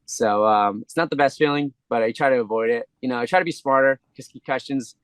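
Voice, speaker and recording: Pro fighter guy talking quick and earnest, rambles a bit, dry close sound. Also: mid-range voice, clear, resonant tone, no echo. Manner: rambling, earnest, restarts sentences. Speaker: interview guest, pro fighter. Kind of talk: casual interview answers.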